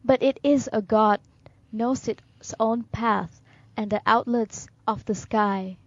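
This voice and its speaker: A woman co-hosting a radio talk show, reading poems aloud in a measured, solemn way. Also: on the high side, dry recording, dull audio.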